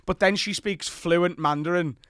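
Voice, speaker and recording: A man's voice: high-pitched, moderate pace, fairly bright tone, no room sound, studio quality. A man from Liverpool with a Liverpool accent, a comedian guest on a podcast, telling stories in a laid-back, wry way. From Liverpool, England. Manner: laid-back, wry storytelling with stammered restarts. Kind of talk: casual comedy podcast chat.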